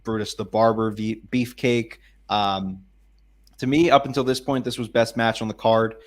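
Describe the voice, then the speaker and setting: A man co-hosting a casual podcast, enthusiastic and listing points in a steady rhythm. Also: medium pitch, moderate pace. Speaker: podcast co-host. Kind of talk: casual chat.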